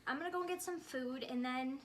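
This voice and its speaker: A teenage girl talks casually into her phone, chatty and a little flustered. She leans on filler words and now and then breaks into panicked shouting. Her voice sits high, and there is a faint hiss under it. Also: quick pace. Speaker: vlogger. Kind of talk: casual vlog with a baby simulator.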